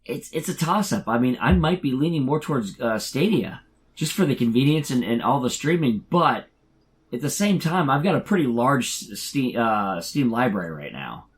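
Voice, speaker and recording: A man's voice: medium pitch, lively intonation. A man co-hosting a casual gaming podcast, talking with many restarts. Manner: halting, many restarts and fillers. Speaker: podcast co-host. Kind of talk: casual chat.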